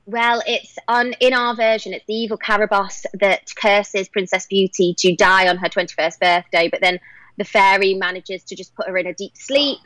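A woman's voice: mid-range voice, steady tone, moderate pace, fairly bright tone. A young woman with a light Liverpool accent talks casually as an interview guest. She is chatty and eager, laughing easily between thoughts. The sound is dry and close, with no room echo. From England. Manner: chatty, enthusiastic, laughs often. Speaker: actress and singer, guest.

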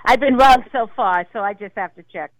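A woman's voice: fairly high pitch, brisk, dry recording, poor audio. A woman co-hosting an interview, asking curious, effusive questions. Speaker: co-host. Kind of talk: casual interview.

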